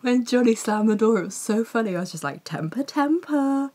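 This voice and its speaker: A young woman vlogging a chatty, gushing review to camera, excitable, with many fillers and restarts. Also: mid-range voice, fast talker. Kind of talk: casual chat to camera.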